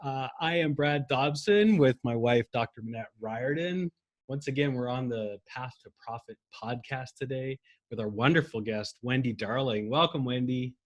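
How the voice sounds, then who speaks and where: A man's voice: mid-range voice, moderate pace. A man co-hosting a podcast with his wife, joking and playful. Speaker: podcast co-host. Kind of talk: casual podcast chat.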